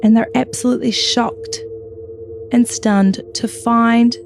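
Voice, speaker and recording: Woman co-host, chatty true crime storyteller, fairly high voice, hotel room. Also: steady tone, takes it slowly, creaky, music in the background. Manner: dramatic, chatty with swearing asides. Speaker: podcast co-host.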